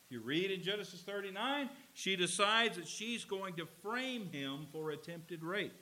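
A male pastor preaches a sermon in a church with a slide screen, speaking emphatically and expressively while acting out scenes. His voice is high-pitched and his pace moderate.

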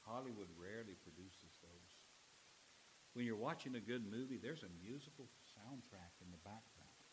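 A middle-aged man preaching a sermon as pastor. He swings from loud, emphatic lines to low, quiet ones. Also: moderate pace, a little hiss or hum, rough recording.

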